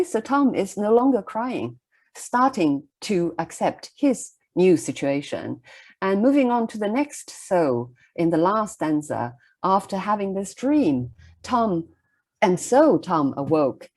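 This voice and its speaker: A middle-aged woman giving a recorded literature lecture, explaining a poem in a measured way and often checking in with "okay?". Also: fairly low pitch, very animated, a little mellow.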